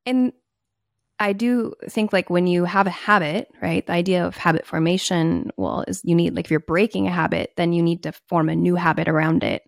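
A young woman co-hosting a casual podcast chat, animated and acting out her own past thoughts. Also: fairly low pitch, fairly quick, creaky, no room sound, studio quality.

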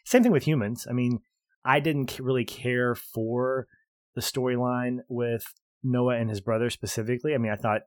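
A man co-hosting a podcast, chatting casually about a movie, animated and laughing often as he acts out lines. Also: mid-range voice, normal speed, dry recording, studio quality. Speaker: podcast co-host. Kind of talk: casual movie review chat.

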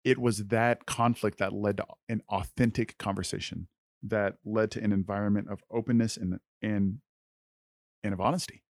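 A man co-hosting a faith-based podcast about mentoring youth, talking in a relaxed way with lots of "like" and soft trailing endings. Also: lowish voice, normal speed, dry recording. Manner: relaxed and conversational, full of "like", trails off softly.

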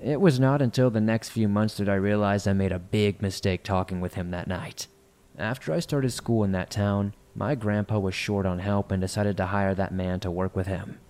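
A man reading listener-submitted horror stories aloud in a measured, somber narration. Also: on the low side, darkish tone.

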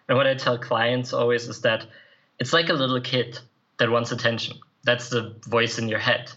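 A man's voice: medium pitch, steady tone, normal speed, bright, forceful tone, dull audio. A man speaking as a podcast guest, a self-improvement writer and coach, answering earnestly and reflectively with the odd light laugh. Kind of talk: conversational interview answers.

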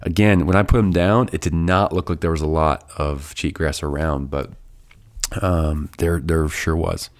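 Low-voiced man, stuffy with a cold. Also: steady tone, normal speed. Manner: rambling, many fillers and restarts. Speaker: podcast host. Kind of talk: casual solo podcast intro.

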